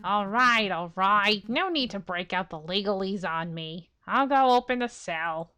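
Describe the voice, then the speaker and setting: A woman voicing a grumpy male jail guard who talks in a gruff, defensive way. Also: medium pitch, animated, measured pace, bright, forceful tone. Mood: grumbling.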